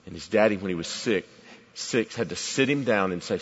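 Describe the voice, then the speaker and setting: A middle-aged man preaching a sermon, swinging from loud emphatic build-ups down to near-whispers. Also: lowish voice, animated, brisk, husky, long reverb tail, dull audio.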